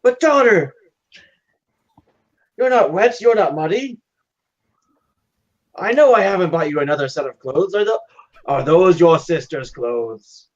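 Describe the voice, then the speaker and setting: A man voicing a flustered, exasperated medieval father who scolds his daughter in a high, strained voice. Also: expressive, measured pace, pauses often. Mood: weary. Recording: muffled lo-fi audio.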